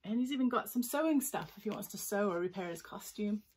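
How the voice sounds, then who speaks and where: Lively woman telling a children's story. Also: medium pitch, fast talker, slightly rough, rough recording. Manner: lively, expressive. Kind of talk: children's story reading with asides.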